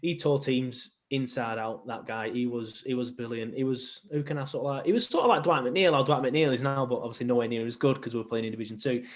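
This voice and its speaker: A man's voice: medium pitch, fast talker, hardly any pauses. A young man, chatting casually as a podcast guest, rambling with many ums and restarts. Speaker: podcast guest, football fan. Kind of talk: casual chat.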